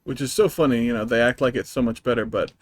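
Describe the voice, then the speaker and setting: List: man, profane gameplay rant, rambling, mid-pitched, dry close sound. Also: quick pace, no echo. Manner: profane, exasperated ranting; rambling, with many fillers and restarts. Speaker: streamer. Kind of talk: live-streamed gameplay commentary.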